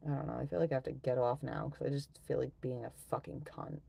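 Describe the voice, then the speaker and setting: Low gravelly woman ranting on a stream. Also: steady tone, quick pace, warm tone. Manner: ranting, swearing, sighing often. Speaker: live streamer. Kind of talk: casual live-stream chat.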